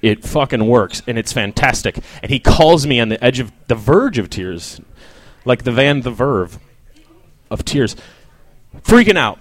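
A man's voice: mid-range voice, sing-song, measured pace, no echo, faint music behind. A young man doing a rambling, self-deprecating stand-up set, swearing and riffing with the crowd while feeling sick. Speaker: stand-up comedian.

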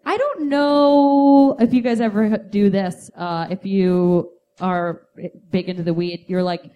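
A woman's voice: mid-range voice, a little slow, dark tone. A woman doing stand-up comedy, goofy and self-mocking. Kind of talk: stand-up comedy on a podcast stage.

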